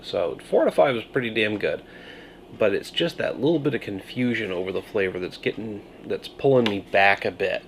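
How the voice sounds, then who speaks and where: A man reviewing a beer on his video channel, musing through his tasting notes with pauses and thoughtful hums. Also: lowish voice, expressive, vocal fry, a little hiss or hum. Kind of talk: casual beer review vlog.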